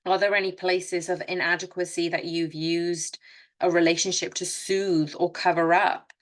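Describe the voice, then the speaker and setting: A woman's voice: on the low side, level tone, normal speed. A woman giving an unscripted tarot reading, speaking earnestly and directly to her listeners, with frequent restarts and self-corrections. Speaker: tarot reader. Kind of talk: casual spoken tarot reading.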